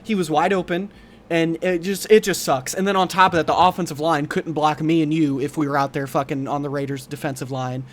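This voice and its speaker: A man's voice: a little high, fairly even intonation, a little fast. A man from Ohio co-hosting a casual sports podcast, joking and cursing with heat. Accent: Cleveland, Ohio. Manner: profane, joking, heated. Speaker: podcast co-host.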